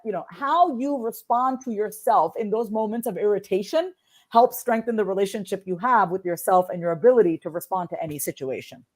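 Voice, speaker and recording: Podcast guest, woman, fairly high voice, emphatic coaching delivery. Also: a little mellow. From United States. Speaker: guest, self-expression coach. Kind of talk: conversational podcast talk.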